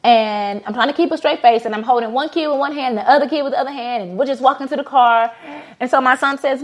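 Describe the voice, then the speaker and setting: A woman's voice: high voice, fast talker. Heartfelt woman telling a story. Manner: heartfelt storytelling with many fillers. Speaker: business owner and podcast host. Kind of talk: casual motivational talk.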